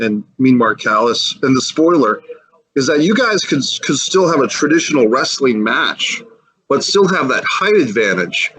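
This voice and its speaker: Podcast co-host guy, average pitch, asks long careful questions. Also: a bit bright, rough recording. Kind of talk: interview questions.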